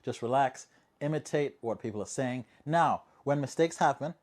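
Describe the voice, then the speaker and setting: A man hosting a casual monologue video, chatty and jokey, tossing in rhetorical asides and swinging between quiet remarks and loud bursts. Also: mid-range voice, moderate pace. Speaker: language-learning video host.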